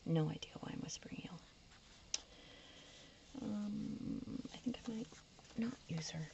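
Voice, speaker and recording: A woman's voice: medium pitch, unhurried, vocal fry. A woman chatting casually while decorating a planner, often slipping into a whisper, her voice getting a little tired. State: voice starting to go. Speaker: planner vlogger. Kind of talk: casual plan-with-me chat. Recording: dull lo-fi recording with faint noise.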